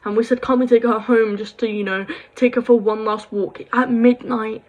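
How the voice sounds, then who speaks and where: A woman's voice: on the high side, steady tone, normal speed, phone-quality sound. A young woman, rambling through a sad personal story to camera, full of quoted dialogue and sighs. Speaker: vlogger.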